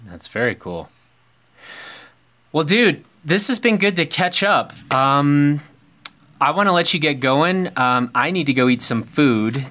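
Bright-toned male podcast host. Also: on the high side, sing-song, unhurried. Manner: friendly, joking banter. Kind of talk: casual interview conversation.

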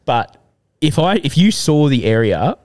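A young Australian man co-hosting a casual podcast, telling a lively anecdote with plenty of swearing and acted-out quotes. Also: a little high, unhurried. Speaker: podcast co-host. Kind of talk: casual storytelling chat.

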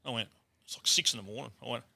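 A young Australian man, a guest comedian, telling a loud, animated story full of swearing and acted-out voices. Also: medium pitch, racing, vocal fry.

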